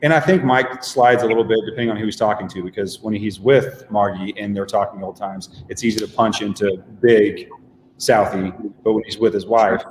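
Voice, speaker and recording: Stage actor in an echoey hall. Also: male voice, fairly low pitch, steady tone, darkish tone. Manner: easygoing, self-deprecating, halting with fillers. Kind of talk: casual interview chat. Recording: echoey hall with faint noise.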